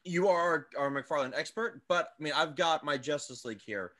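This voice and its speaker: A man's voice: a little high, bright, forceful tone. A man co-hosting a casual toy podcast, joking around and chatting loosely. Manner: joking, playful, quick asides. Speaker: podcast co-host. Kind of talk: casual chat.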